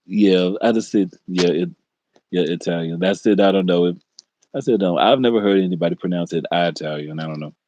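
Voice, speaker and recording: Very deep-voiced, halting male co-host. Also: a little mellow. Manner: halting, retells everything with "I said". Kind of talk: casual chat.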